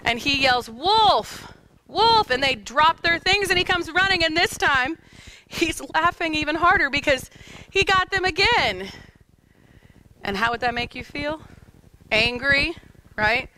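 A woman's voice: high-pitched, measured pace, long pauses, sharp tone, slight background noise, rough recording. A woman pastor in her thirties preaching a sermon in a church, telling stories with light humor and speaking directly to the kids. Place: church sanctuary.

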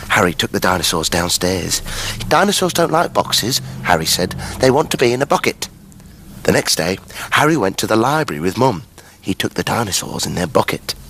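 A man's voice: mid-range voice, fairly bright tone, exaggerated voice. A British man playing a cheery grown-up character on a children's TV show, chatty and chuckling as he tells a story.

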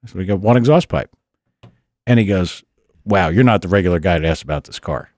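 A man tells a long story in a relaxed, profane way. His voice sits fairly low and sounds close and dry, with no room around it. He talks like a podcast regular swapping car stories. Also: fairly quick, no room sound. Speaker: podcast host. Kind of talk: casual chat. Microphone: studio mic.

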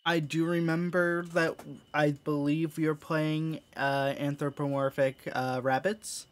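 A gaming streamer giving casual, chatty commentary while playing a horror game, self-mocking and quick to laugh. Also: mid-range voice, flat delivery. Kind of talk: casual let's-play commentary.

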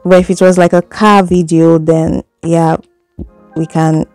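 A woman's voice: low voice, level tone, measured pace, darkish tone, no echo, faint music behind. A woman giving a chatty, step-by-step editing tutorial, seated indoors and recorded on a phone. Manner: chatty step-by-step explaining, little laughs. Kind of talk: casual screen tutorial.

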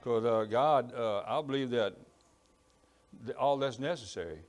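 A man's voice: medium pitch, measured pace. A man with a Cajun accent preaching a sermon in church. He has a strong voice and rambles, apologizes and stumbles over his words. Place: church in East Texas.

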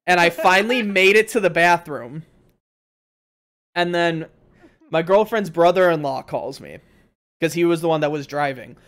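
A young man with a fairly high voice tells a story to friends on a podcast. He is animated and swears a lot, and he acts out what other people said as he goes. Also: normal speed. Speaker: podcast host. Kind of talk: casual storytelling among friends.

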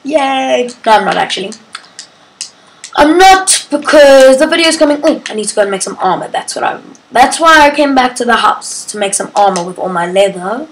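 A woman's voice: sits high, expressive, normal speed, slight background noise, rough recording. A woman casually commenting on her gameplay, chatty and playful, breaking into sing-song chants and baby talk to her pets. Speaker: gaming channel host.

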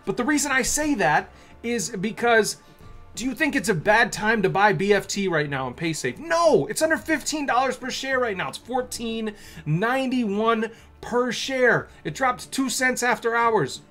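A man hosting a casual stock market video, reading news aloud and rambling excitedly between the lines. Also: high voice, a little slow, soft background music. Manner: excitable and rambling, with many restarts and asides.

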